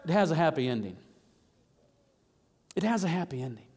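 A man with a notably high voice delivers a sermon with animated, rising emphasis. The long reverb of a church sanctuary trails each line. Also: moderate pace, pauses often. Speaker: pastor.

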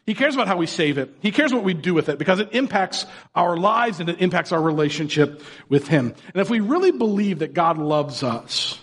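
Pastor, male, relaxed conversational sermon delivery, high voice, hall reverb. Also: brisk, slightly rough. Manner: casual, conversational preaching with filler words.

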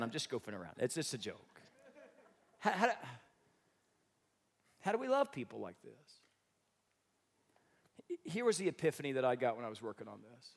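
Male pastor with a high voice, animated sermon delivery that swings between loud and quiet.

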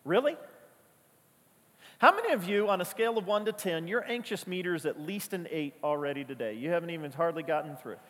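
A man's voice: on the high side, lively intonation, a little fast, a bit bright, long reverb tail. A man preaching a sermon as a pastor, conversational and emphatic, telling stories and repeating key phrases. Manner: conversational, storytelling, emphatic repetitions.

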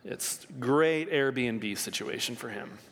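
A man preaching a sermon as pastor, telling the story with lively swings in his voice. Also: medium pitch, slow. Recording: long reverb of a hall.

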